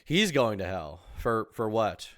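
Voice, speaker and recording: A man's voice: fairly low pitch, sing-song, a little slow, a bit bright, no echo, clean studio sound. A man streaming reaction commentary, mocking and incredulous, swearing often and breaking into laughter.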